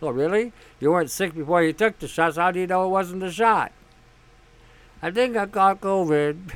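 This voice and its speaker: A callous hospital doctor, as a man acts him out, brushes off a patient with sardonic reassurance. The voice is clear and fairly high, and the delivery is flat and dismissive. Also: moderate pace, lightly acted. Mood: mocking. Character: cold, mocking male hospital doctor.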